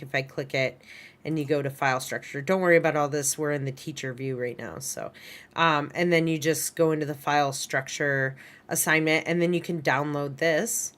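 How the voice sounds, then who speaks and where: A woman with a low, grounded voice teaches an online class over a computer mic. She talks loosely and informally, chatting with students as she clicks through her screen. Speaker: animation instructor.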